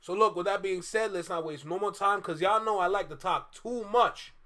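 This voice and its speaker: A man from Toronto with a bright, high voice hosts a casual reaction stream. He talks to his viewers chattily, full of slang. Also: moderate pace. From Toronto, Canada. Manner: chatty, calls the audience "bruh" and "y'all".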